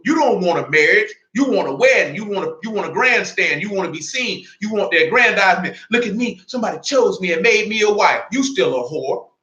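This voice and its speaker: A high-pitched, bright-toned man preaching with fiery, confrontational street-talk energy. He reads scripture in a slower, lower voice. The sound rings in an echoey room. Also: dull audio. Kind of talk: sermon.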